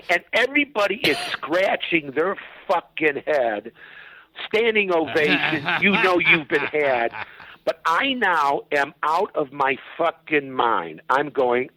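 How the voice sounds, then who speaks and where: A man telling an anecdote as a podcast guest, animated and profane and acting out voices. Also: a little high, slow pace, no room sound. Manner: animated, profane storyteller who acts out voices. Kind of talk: storytelling anecdote. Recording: dull, dry lo-fi.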